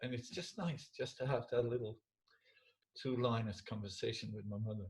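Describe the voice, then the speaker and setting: A man reflecting aloud in a casual conversation, moved and halting. He restarts his sentences often and speaks in a middle, ordinary voice. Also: medium pitch, darkish tone, rough recording. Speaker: storyteller.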